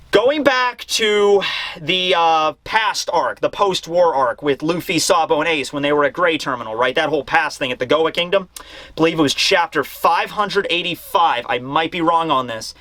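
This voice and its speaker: Young man, casual manga review, animated, high bright voice, dry sound. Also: normal speed, dry recording. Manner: animated, acting out scenes.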